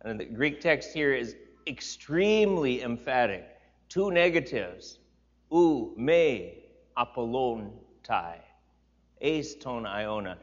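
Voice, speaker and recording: A man's voice: medium pitch, animated, takes it slowly. Older male Bible teacher, emphatic, repeats for stress, dull lo-fi recording. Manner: emphatic, repeats words for stress, reads scripture aloud.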